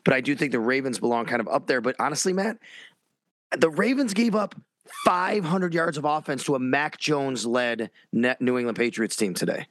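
A man hosting a casual sports podcast, talking in quick bursts with restarts and self-corrections. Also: mid-range voice, a bit bright, no room sound. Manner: rapid, self-interrupting, restarts sentences. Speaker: podcast host.

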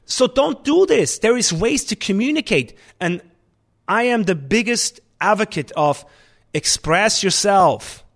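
A man, a restaurant chef and owner, talking in an animated, emphatic way in a casual interview. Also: high-pitched, measured pace, creaky.

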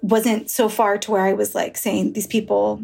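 Woman guest, gravelly and a bit husky, frank storyteller who rambles and swears. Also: medium pitch, level tone, normal speed, a little mellow. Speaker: author guest. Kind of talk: candid interview conversation.

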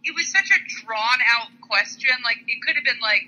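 A woman's voice: on the high side, expressive, moderate pace, sharp tone, husky, low-quality recording. A woman co-hosting a casual chat, enthusiastic and full of fillers, swearing and exclaiming. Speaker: podcast co-host.

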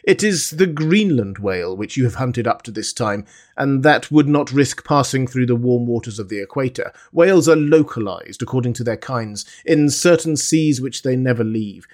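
A man's voice: mid-range voice, animated, moderate pace, darkish tone, close to an everyday voice. A man reading the part of a learned professor in an audiobook, inquiring and explanatory. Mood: explaining.

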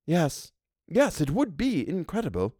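An anxious, earnest young governess, as a male reader puts her on, her lines pitched a little above his own voice. She speaks in a measured way, with lively rises and falls. The sound is close and dry. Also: dry recording, exaggerated voice. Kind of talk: audiobook reading of a classic story.

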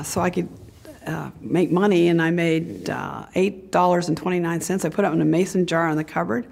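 Older american woman, gravelly and husky, lively motivational storyteller. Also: fairly low pitch. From United States. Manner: animated storytelling, acting out voices of family. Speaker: former tennis champion telling her story.

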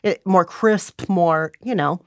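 A woman's voice: on the low side, takes it slowly, no echo, studio quality. A woman hosting a comedy podcast, leading the segment in a playful, bubbly way. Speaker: podcast host. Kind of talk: casual comedic chat. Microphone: studio microphone.

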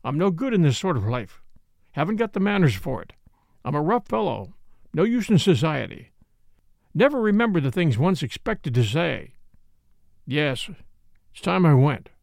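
A man's voice: on the high side, very animated, moderate pace, vocal fry, long pauses, a little mellow, no echo, studio quality. A man playing a terse, plain-spoken middle-aged hunter who talks in clipped, curt phrases. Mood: blunt. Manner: clipped, curt, drops words.

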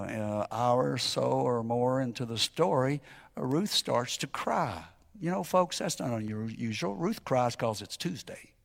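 A man telling a story in a sermon as a preacher, building to loud, emphatic pleading. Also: mid-range voice, creaky.

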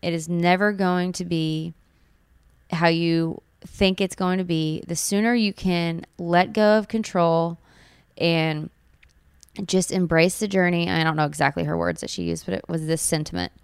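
A woman's voice: on the low side, steady tone, a little slow, gravelly, clear, resonant tone, no room sound, clean studio sound. A woman in her thirties, a new mother, telling her birth story in an earnest, emotional, gushing way. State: tearful at times. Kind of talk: personal storytelling.

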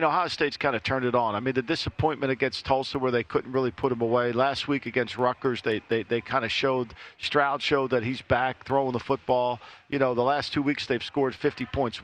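A man's voice: mid-range voice, a bit bright. A man giving college football betting picks on a talk show, hedging and often repeating words as he starts a thought.

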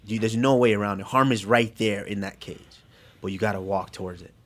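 Low-voiced fighter, halting and soft. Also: male voice. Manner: halting, repeats words, drops to near-whisper. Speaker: fighter guest. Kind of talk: casual podcast chat.

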